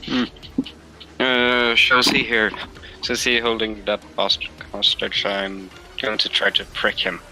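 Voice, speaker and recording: A young man playing a tabletop game, speaking slowly and deliberately. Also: lowish voice, completely flat delivery, pushed and bright, faint music behind, low-quality recording. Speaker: player. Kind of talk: casual chat in a tabletop game.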